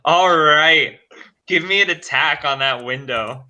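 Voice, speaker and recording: Slow, bright-voiced male game master. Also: fairly high pitch, a little hiss or hum. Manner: unhurried, laughs often. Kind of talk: running a tabletop game.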